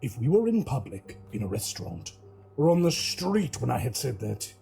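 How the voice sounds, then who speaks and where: Tts guy doing a gravelly old hunter mentor, formal and grim, pitch swinging, soft music behind. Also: very animated, moderate pace. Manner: portentous, lecturing delivery. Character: grave older male vampire hunter, secretive mentor. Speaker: father-in-law figure.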